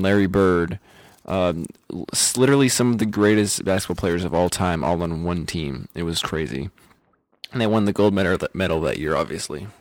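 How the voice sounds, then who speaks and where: A man's voice: low voice, dry recording. A man in his twenties hosting a podcast, chatting in a laid-back casual way. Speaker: podcast host.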